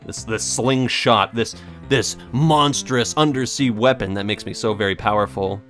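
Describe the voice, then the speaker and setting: A man's voice: medium pitch, moderate pace, fairly bright tone, soft background music. A young man giving casual, jokey gameplay commentary with sarcastic, rambling asides. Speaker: let's play host.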